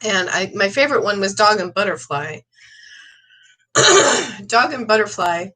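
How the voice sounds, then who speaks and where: A woman's voice: mid-range voice, lively intonation, unhurried, bright, forceful tone, rough recording. An older woman talking casually to her viewers, rambling and chatty and a little emotional. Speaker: vlogger. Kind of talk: casual chat to camera.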